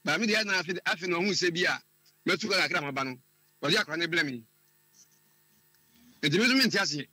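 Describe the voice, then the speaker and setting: A man, calling in to tell a personal story, often halting and repeating words as he searches for what to say. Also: sits high, pushed and bright, husky, dry recording. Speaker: caller. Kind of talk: telling a personal story on a call-in show.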